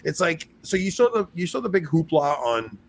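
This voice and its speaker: A man hosting a podcast in casual chat, animated, laughing at himself and restarting his sentences. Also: on the high side, moderate pace, a little hiss or hum. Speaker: podcast host.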